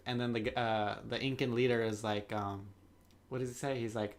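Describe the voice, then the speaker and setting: A man co-hosts a podcast in mid-pitched, everyday tones. He keeps the chat relaxed and easygoing and sounds amused as he talks. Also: moderate pace. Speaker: podcast co-host. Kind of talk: casual chat.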